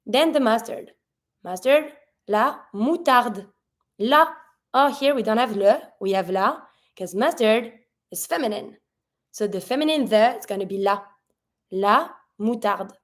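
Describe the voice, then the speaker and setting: A woman with a French Canadian accent teaching French pronunciation, spelling out sounds and slowing down for each model word. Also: fairly high pitch, expressive. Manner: patient, spells out sounds, slows down for model words. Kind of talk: pronunciation lesson.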